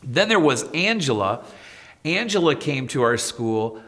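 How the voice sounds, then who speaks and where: A man's voice: mid-range voice, a little slow, big-room sound. A man, a school principal, telling stories with animation and acting out the people he quotes. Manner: lively, acts out quoted voices. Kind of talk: personal storytelling.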